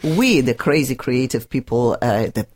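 A gushing woman radio host who speaks accented, non-native English and swings her voice up and down with lively animation. She chats casually with her guests and heaps praise on them. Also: rumbling low, normal speed. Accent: foreign accent. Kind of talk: casual interview chat.

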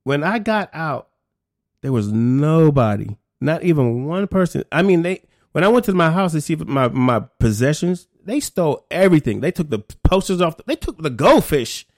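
A man's voice: on the high side, normal speed, no room sound, studio quality. A middle-aged man telling his story in a candid, conversational way and acting out other people's voices. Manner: animated, acts out other people's voices in quotes.

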